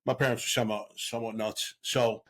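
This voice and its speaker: A middle-aged man with a voice of ordinary pitch, talking casually as a podcast guest. He is a longtime police officer who tells his stories with energy and jumps into the voices of the people he is quoting. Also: fairly quick. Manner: animated storyteller who acts out quoted voices. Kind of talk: casual storytelling.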